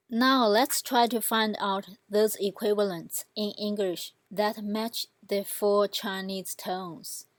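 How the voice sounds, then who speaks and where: A woman's voice: mid-range voice, no room sound. A woman language teacher giving a patient instructional explanation and demonstrating example words.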